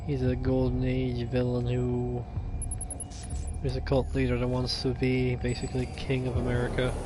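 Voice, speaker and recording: A man's voice: medium pitch, monotone, normal speed, noisy background. A man chatting casually about his game ideas, rambling and thinking aloud, restarting sentences as he goes. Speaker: video game fan vlogger.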